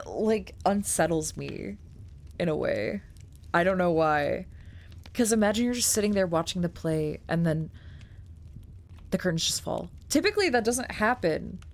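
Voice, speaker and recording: A woman streamer reading a document aloud, breaking off into chatty, filler-heavy asides and casual swearing. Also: lowish voice.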